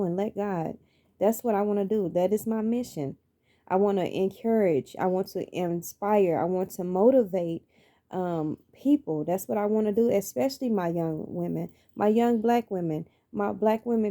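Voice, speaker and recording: A woman's voice: medium pitch, dark tone. A middle-aged woman, telling her life story in an earnest, preacherly way and repeating phrases for emphasis. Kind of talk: personal motivational monologue.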